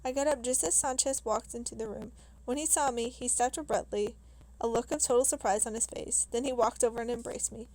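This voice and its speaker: Woman reading a novel aloud, fairly high voice. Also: poor audio. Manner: steady, measured reading with small restarts. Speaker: reader.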